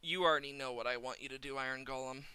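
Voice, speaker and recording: A man's voice: medium pitch, fairly even intonation, fast talker, sharp tone, clear, resonant tone, no echo. A man streaming a game live, talking to himself with exasperated running commentary, swearing at the game and counting under his breath into a desk mic.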